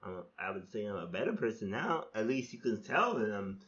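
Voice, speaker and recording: A man with a lowish voice, talking through his own old writing in a loose, self-critical monologue. He restarts his sentences often and swears casually. The sound is a little dull and lo-fi. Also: big pitch swings, a little fast, a bit bright. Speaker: podcast host reflecting on his own poems.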